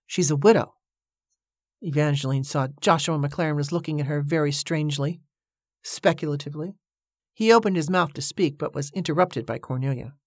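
Measured audiobook narrator, dry sound. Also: medium pitch, no room sound. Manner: measured, even storytelling.

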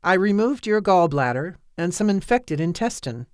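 A woman reading an audiobook, voicing a tired, brusque male doctor in a clipped, low, flat voice. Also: moderate pace, no echo, clean studio sound. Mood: curt. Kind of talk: audiobook character voice.

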